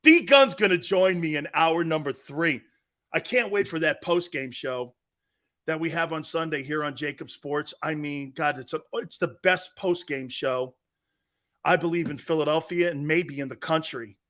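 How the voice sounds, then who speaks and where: A man's voice: fairly high pitch, normal speed, a bit bright. A man hosting a live sports talk show, boisterous and teasing, reading chat messages and laughing a lot. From Italian-American background.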